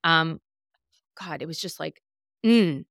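Candid low-voiced woman telling a story. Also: slow pace, fairly bright tone, no room sound, clean studio sound. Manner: candid, emotional storytelling with many fillers. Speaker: podcast host. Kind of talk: casual chat.

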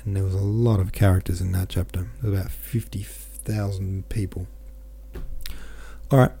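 A man hosting a book podcast reads a novel aloud in a low, dark voice with a strong gravelly fry. His delivery is plain, with the odd stumble. He closes with a relaxed, casual sign-off. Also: moderate pace. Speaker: podcast host and audiobook reader.

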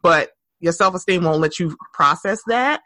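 A young adult woman co-hosting a casual chat, frank and profane, laughing often and jumping into high mocking voices when she quotes people. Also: animated, moderate pace, bright, forceful tone, no echo, studio quality. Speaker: podcast co-host.

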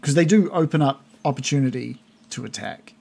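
A man's voice: medium pitch, fairly quick, creaky, a little mellow. Giggly rambling game master man. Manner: rambling, giggly, full of fillers. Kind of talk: narrating a tabletop game.

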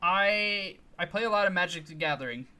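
A man co-hosts a podcast with a bright, crisp-edged voice pitched a little high. He is playful and laughs often while he launches into his story time. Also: normal speed. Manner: playful, tells stories, laughs a lot. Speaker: podcast co-host. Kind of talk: casual podcast banter.

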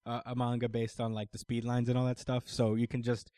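A man's voice: mid-range voice, monotone, fairly quick, dark tone, clear, resonant tone, no room sound, clean studio sound. A man hosting a casual podcast, recapping an anime episode in a laid-back way, with frequent laughs and fillers. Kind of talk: casual group chat.

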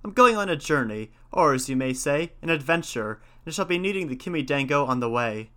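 Man voicing a bold cheerful young hero, storybook, eager, raised pitch, bright. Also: animated, brisk. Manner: eager, commanding, upbeat.

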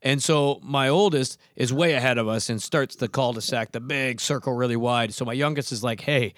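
A man hosting a casual podcast chat, telling animated stories and laughing as he acts out quotes. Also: mid-range voice, a little fast, dry recording, studio quality. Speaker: podcast host.

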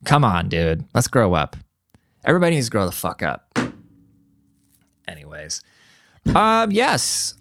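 A man's voice: medium pitch, creaky, no echo, clean studio sound. A man hosting his own podcast, ranting bluntly and profanely in casual commentary. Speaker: podcast host.

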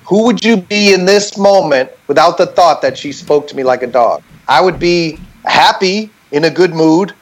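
A man's voice: fairly high pitch, moderate pace, hardly any pauses, rough recording. A man in casual explanatory chat on a remote call, talking things through and checking in with "right?" as he goes. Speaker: band member on a group call.

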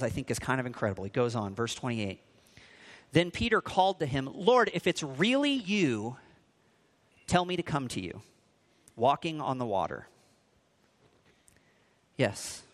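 A man preaching a sermon, moving between quiet reflection and loud, acted-out quotes. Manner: dramatic swings in pitch and volume, acting out quotes. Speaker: pastor.

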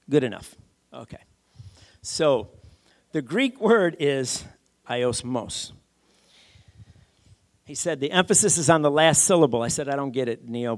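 Male pastor, sermon delivery, emphatic and repetitive, pitch a touch high. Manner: emphatic, repeats key phrases, asks the congregation questions.

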